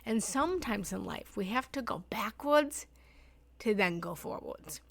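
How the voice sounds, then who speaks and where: Earnest meditation teacher lady, 30s, gravelly voice, chatting live online about her year. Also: medium pitch, expressive, measured pace, fairly bright tone. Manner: earnest, heartfelt, talks in flowing repeated phrases. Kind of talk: live online meditation talk, casual sharing.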